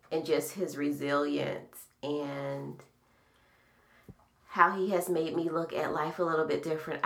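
A middle-aged woman with a low, gravelly voice, talking slowly. She hosts a podcast and shares memories in a soft, reflective manner. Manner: slow, soft-spoken, reflective storytelling. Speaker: podcast host. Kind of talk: casual heartfelt conversation.

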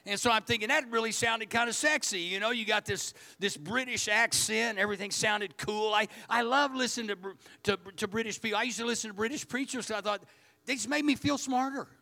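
Man, pastor, folksy sermon storytelling, high bright voice. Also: a little fast, vocal fry. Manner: folksy, storytelling, repeats words.

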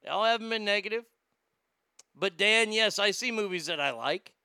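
A man hosting a podcast in casual chat, reading out listener comments and ranting bluntly and profanely, swinging between loud outbursts and low mutters. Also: animated, moderate pace, clear, resonant tone, no room sound, studio quality. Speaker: podcast host.

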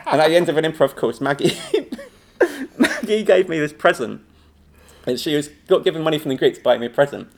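A man's voice: on the high side, moderate pace, vocal fry. A man, an improv teacher chatting casually as a guest, telling stories with lots of laughter and acted-out quotes. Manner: animated storytelling, laughing often, acting out quotes. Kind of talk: casual anecdotal chat.

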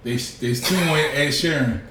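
A blunt, teasing co-host on a casual podcast, swearing freely in a mid-pitched voice. The room is echoey, with faint noise underneath. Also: a little slow, a bit bright.

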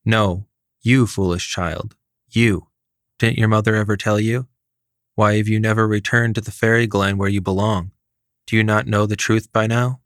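A man reading a fairy tale aloud, voicing a small, scornful female fairy mother who speaks slowly and with contempt. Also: fairly low pitch, little pitch movement, no room sound, clean studio sound, close to an everyday voice. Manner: snarling, contemptuous, slow and deliberate.

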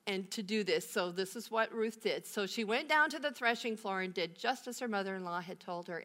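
A woman's voice: medium pitch, pushed and bright. A woman pastor giving a sermon, telling a Bible story with rhetorical questions and emphatic repetition.

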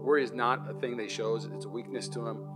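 A male pastor preaching a live sermon in a church, telling a personal story in an animated way and acting out the scenes. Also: medium pitch, quick pace, loud music behind the voice. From Washington state, US. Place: church sanctuary, live service.

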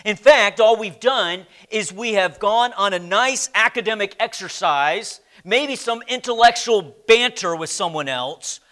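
A man with a high, animated, pushed and bright voice teaches a church Bible class. He speaks slowly and emphatically, quizzing his class with questions and letting the ends of phrases sink nearly to a whisper.

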